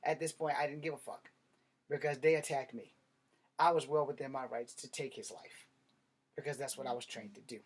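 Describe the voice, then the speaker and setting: A man telling a personal story in a blunt, profane, animated way. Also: mid-range voice, brisk, breathy edge. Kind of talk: casual storytelling monologue.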